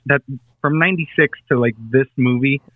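A man's voice: medium pitch, steady tone, moderate pace, no echo. A man chatting enthusiastically on a podcast, laughing as he talks. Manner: enthusiastic, laughs while talking. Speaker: podcast co-host. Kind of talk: casual chat. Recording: tinny phone-like line.

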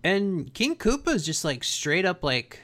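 A man's voice: high-pitched, big pitch swings, unhurried, bright, forceful tone. Laid-back man recapping an episode. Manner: laid-back, slangy, retelling plot. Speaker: podcast host. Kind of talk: casual chat, episode recap.

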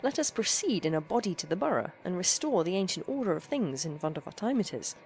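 A woman narrating a classic story aloud in an animated, theatrical way. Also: fairly low pitch, fast talker, slight background noise.

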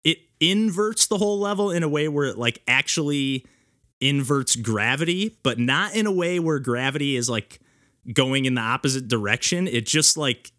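A man's voice: mid-range voice, animated, moderate pace, a bit bright, no echo, studio quality. A man hosting a casual podcast chat, telling stories animatedly with lots of filler words. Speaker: podcast host and streamer.

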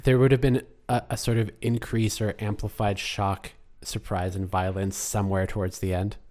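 A man's voice: lowish voice, little pitch movement, normal speed, darkish tone. A man co-hosting a casual chat about a film, talkative, laughing often and trailing off mid-sentence. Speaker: podcast co-host.

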